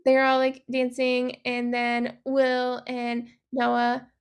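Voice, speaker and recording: A young woman with a high voice and a gravelly edge, chatting casually as a podcast co-host. She recaps a film in loose, profane talk full of asides and acts out what the characters say. She sounds relaxed and talkative. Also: takes it slowly. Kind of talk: casual chat recapping a movie.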